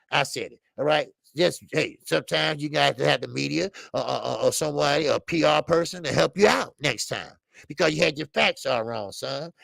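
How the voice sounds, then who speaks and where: A man's voice: a little high, vocal fry, no echo. A man hosting a live boxing stream, talking bluntly and repetitively to his chat, often swearing. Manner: blunt, repetitive, animated, profane. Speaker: boxing show host.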